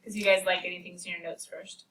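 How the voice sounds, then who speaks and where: A woman's voice: fairly low pitch, flat delivery, fast talker, noisy background. Chatty woman math teacher, roomy and distant. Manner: chatty, explains step by step. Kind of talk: classroom lecture with banter. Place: classroom. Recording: roomy classroom audio from far off.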